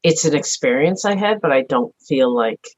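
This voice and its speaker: A middle-aged woman speaking earnestly and softly as a podcast guest, thinking aloud in a reflective personal conversation. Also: deep voice, animated, normal speed. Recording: dull lo-fi audio.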